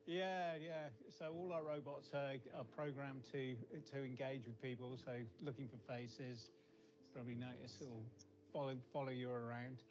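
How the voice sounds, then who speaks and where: Halting male robotics founder. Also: medium pitch, little pitch movement. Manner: hesitant, repeats words, chuckles. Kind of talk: guided tour interview. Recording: dull lo-fi broadcast audio.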